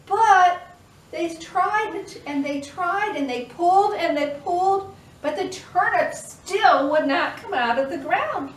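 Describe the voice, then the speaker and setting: Slow sing-songy lady doing toddler storytime, echoey room, mic kinda far off. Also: high voice, a little hiss or hum. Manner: expressive storyteller, makes animal noises. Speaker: children's librarian.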